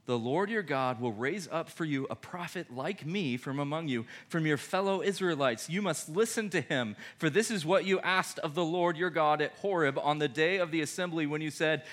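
A young man preaching casually to a youth group, conversational and jokey, with quick voiced asides. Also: on the high side, lively intonation, fairly bright tone.

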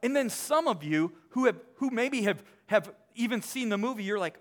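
A young man speaking to a live audience, polling them with quick questions, full of halting restarts, then reading a book passage aloud. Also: high voice, expressive. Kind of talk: lively talk to a crowd, reading aloud.

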